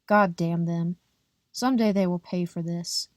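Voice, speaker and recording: A woman narrating a first-person audiobook in a plain, measured, unhurried reading. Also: lowish voice, fairly even intonation, darkish tone, dry recording, studio quality. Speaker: audiobook reader.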